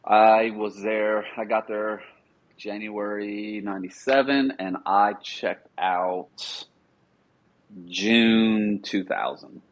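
A middle-aged man, a former Marine, telling relaxed stories as a podcast guest and acting out quoted dialogue. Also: fairly low pitch, slow pace, highs cut off. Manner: relaxed anecdotal, often acts out quoted dialogue. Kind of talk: casual storytelling.

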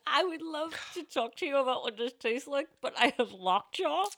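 A woman's voice: high-pitched, lively intonation, moderate pace, a bit bright. A woman hosting a cocktail show, reading tasting notes and bantering in a brash, wisecracking way. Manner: brash, wisecracking, bursts of laughter.

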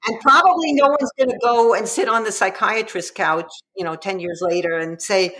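A woman, a parenting book author, speaking as an interview guest and acting out quotes of parents and children with lively energy. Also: medium pitch, normal speed, hardly any pauses. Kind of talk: conversational interview.

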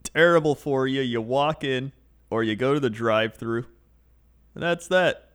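Mid-pitched man telling casual stories. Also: a little slow, clear, resonant tone. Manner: storytelling with frequent laughs and put-on voices. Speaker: podcast co-host. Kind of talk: casual chat.

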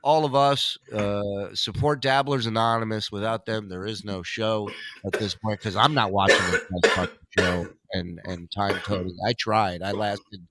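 A man's voice: fairly low pitch, steady tone, moderate pace, heavy background noise. A man hosting a podcast, teasing his guests in casual, profane banter and laughing often. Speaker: podcast host.

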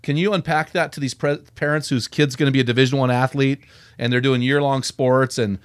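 A man hosting a faith-focused podcast interview, enthusiastic and quick to quote authors. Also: medium pitch, steady tone, dry recording. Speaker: podcast host.

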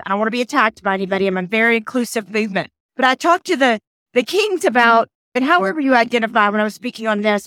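A woman's voice: sits high, a bit bright, no room sound, clean studio sound. A passionate woman, stuffy and nasal from a cold, telling a personal story on her podcast with emphatic repeats. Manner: emphatic, repeats phrases, restarts often. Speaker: podcast host and motivational speaker. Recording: outdoors in rain.

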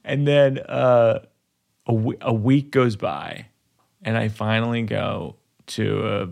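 A man's voice: fairly low pitch, steady tone, slow pace, gravelly, a little mellow. A man in his forties, a stand-up comedian, telling a rambling, self-deprecating story in casual chat while working through jokes. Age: 40s.

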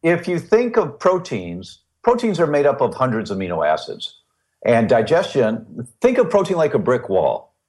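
Animated older-sounding man explaining with analogies. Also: mid-range voice, normal speed. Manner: animated, teacherly, explains with vivid analogies and repetition. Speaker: guest expert on gluten and health. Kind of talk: explanatory podcast interview.

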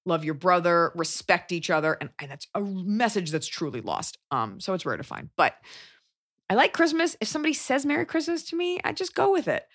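A woman's voice: fairly low pitch, sing-song, fairly bright tone. A woman hosting a podcast, giving blunt, profane advice in casual chat. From Dallas, Texas. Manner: blunt, profane, rapid opinionated riffing.

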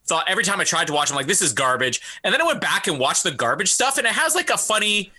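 A man's voice: high-pitched, sing-song, racing, bright, forceful tone. A man co-hosting a podcast, chatting casually about a movie and laughing often. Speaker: podcast co-host.

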